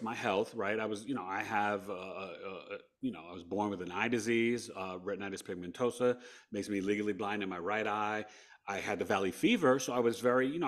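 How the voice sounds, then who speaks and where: A man in his fifties from New York, a podcast guest telling a personal story in a casual, conversational way, full of "right?" and "you know" asides. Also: fairly low pitch. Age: 50s.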